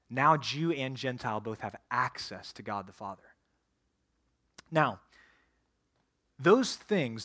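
A man's voice: mid-range voice, fairly bright tone. A male pastor preaching a sermon, earnestly addressing the congregation directly.

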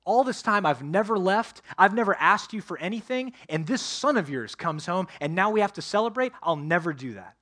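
A man voicing a stubborn, resentful older brother from a parable. He protests in an aggrieved tone, slightly raised and louder than plain talk. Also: sits high, big pitch swings, normal speed, few pauses, pitched above the performer's own voice, full character voice. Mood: indignant.

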